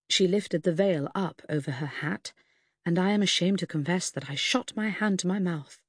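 A woman narrating a story in a measured way, voicing each character. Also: lowish voice, slightly rough, no echo, studio quality. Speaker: audiobook narrator. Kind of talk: scripted narration.

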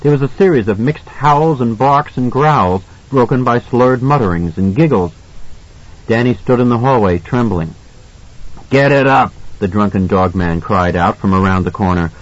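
Guy narrating an audiobook, steady and suspenseful, kinda muffled lo-fi sound. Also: lowish voice, moderate pace. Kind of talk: scripted narration.

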